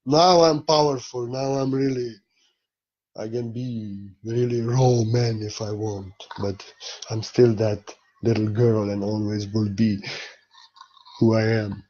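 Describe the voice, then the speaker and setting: A man's voice: lowish voice, fairly even intonation, slow pace, warm tone, dull audio. A man giving an informal spiritual talk as a teacher, speaking candidly and emotionally, blunt and sometimes swearing.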